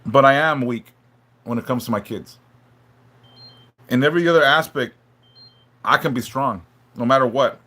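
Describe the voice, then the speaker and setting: A man hosting a live stream, talking haltingly and emotionally, stumbling and repeating words, swearing a lot and apologizing for opening up. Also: mid-range voice, bright, forceful tone. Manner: apologetic and openly vulnerable. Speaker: livestream host reading chat.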